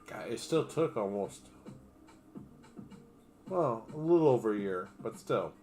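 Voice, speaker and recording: A man's voice: on the low side, lively intonation, a little slow, dark tone, faint music behind. A man on a livestream reading an article aloud, stumbling over names and breaking off for crude, sarcastic remarks. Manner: reads steadily, breaks off for crude, sarcastic asides.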